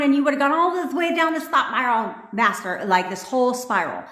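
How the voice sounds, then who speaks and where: A woman coach telling a story on a livestream, brash and profane, talking quickly. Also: on the high side, expressive, fairly bright tone, roomy sound. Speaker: manifestation coach.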